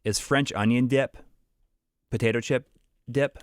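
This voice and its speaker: A podcast co-host chats casually, rambling with many restarts and fillers and laughing easily. His mid-range voice is clear and resonant, with fairly even intonation and a slightly slow pace, recorded in clean studio sound without echo.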